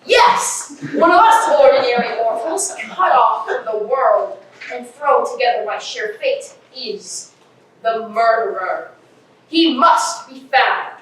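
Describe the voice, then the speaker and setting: A woman's voice: fairly high pitch, expressive, slow, a bit bright. A woman on a school stage playing a pompous, bumbling male police inspector in a live play, declaiming in a grand, theatrical way. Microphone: distant room mic. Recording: echoey hall from far off, faint hiss.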